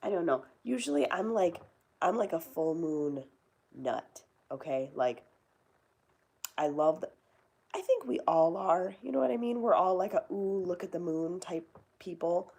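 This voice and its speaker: A woman's voice: on the low side, expressive, unhurried, vocal fry, a little mellow, slightly rough. A young woman hosting a casual chat, rambling and swearing now and then. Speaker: host.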